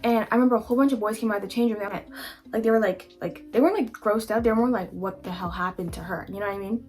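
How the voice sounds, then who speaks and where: Young woman vlogging a storytime, super chatty, says like a lot, some soft music behind. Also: fairly high pitch, very fast. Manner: chatty, candid, lots of "like". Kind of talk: casual storytime.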